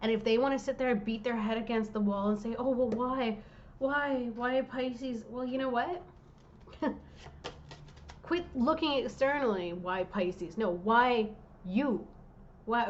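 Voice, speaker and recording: A woman's voice: on the high side, lo-fi sound, a little hiss or hum. Impassioned woman giving a tarot reading. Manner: impassioned, direct, talking to the viewer. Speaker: tarot reader.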